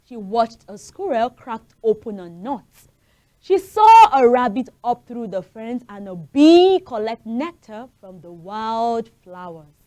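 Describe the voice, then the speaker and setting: A woman hosting a children's show, telling a fairy tale and talking to the kids directly in an animated way. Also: a little high, takes it slowly, dry recording, rough recording. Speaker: storyteller host of a children's show. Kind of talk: storytelling for children.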